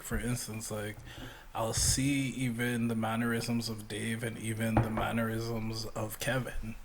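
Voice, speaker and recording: A man who works as a barber, chatting casually on a podcast as an animated storyteller. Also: lowish voice, a little hiss or hum, rough recording. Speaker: barber guest. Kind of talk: casual chat.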